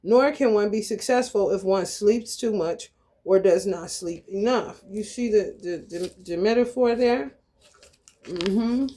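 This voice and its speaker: A woman's voice: mid-range voice, measured pace, dark tone. Blunt, profane woman preaching casually. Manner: blunt, profane, streetwise talk; reads scripture aloud then riffs on it. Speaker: spiritual channel host. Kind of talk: casual spiritual monologue.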